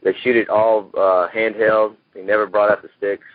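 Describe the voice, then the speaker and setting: A man's voice: on the low side, little pitch movement, normal speed, no echo. Folksy man on a tinny phone line. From Texas. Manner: rambling, folksy, lots of "you know". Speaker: actor guest. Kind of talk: casual interview talk.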